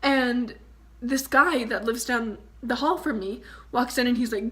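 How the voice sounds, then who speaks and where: Young woman vlogging, high bright voice, says "like" a lot, casual storytelling. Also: a little slow. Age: young adult. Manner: chatty, fillers of "like", animated retelling.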